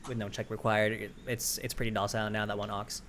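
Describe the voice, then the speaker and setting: A man narrating as game master of a tabletop game in a relaxed, rambling way, with many fillers. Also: on the low side, fast, slight background noise.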